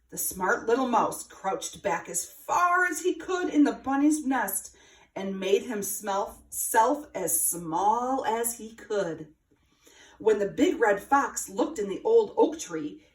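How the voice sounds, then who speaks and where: A woman reading a children's story aloud with an expressive, sing-song delivery. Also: a little high, far from the mic. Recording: roomy, from afar.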